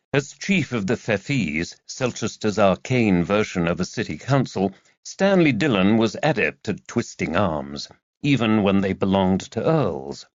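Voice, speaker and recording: Male narrator, low voice, expressive, dull dry lo-fi sound. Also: no echo. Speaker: audiobook narrator. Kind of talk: scripted narration.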